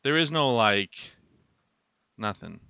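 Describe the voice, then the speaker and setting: A man's voice: mid-range voice, expressive, slow, creaky, sharp tone, smooth, no room sound, studio quality. A man co-hosting a podcast in casual chat, playful and swearing freely. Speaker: podcast co-host.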